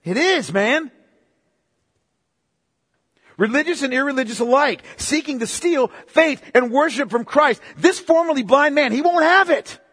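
A man's voice: very high-pitched, lively intonation, measured pace, long pauses, fairly bright tone. A man preaching a sermon, emphatic and casual, repeating his phrases, recorded in a church hall. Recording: long reverb of a hall.

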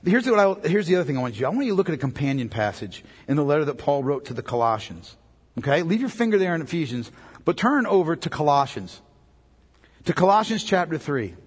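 A man preaching a sermon as pastor, swinging between loud emphasis and quiet, low passages. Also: big pitch swings, fast talker, breathy edge, big-room sound.

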